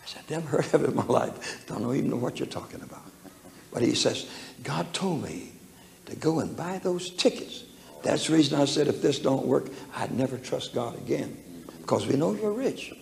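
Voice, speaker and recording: Gravelly man preaching a folksy sermon. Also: medium pitch, expressive, fairly quick, a little mellow. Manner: folksy, humorous storytelling with chuckles. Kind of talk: storytelling sermon. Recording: echoey hall with faint room noise.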